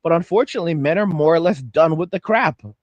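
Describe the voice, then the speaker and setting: A man with a high-pitched voice hosting his own commentary vlog, ranting bluntly and heatedly with many restarts. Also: animated, fast talker, no room sound, muffled recording. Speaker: host of a commentary channel.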